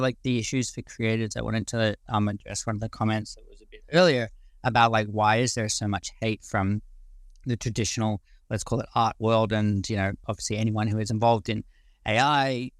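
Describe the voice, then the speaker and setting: A man's voice: lowish voice, no room sound. A man in his forties with an Australian accent, a guest speaker in a casual live audio discussion, ranting passionately and rambling with some casual swearing.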